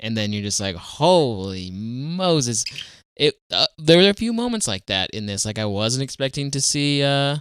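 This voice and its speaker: Smooth-voiced man with wry asides. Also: mid-range voice, lively intonation, a little fast, few pauses, a bit bright, dry recording, studio quality. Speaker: podcast co-host. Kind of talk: casual chat.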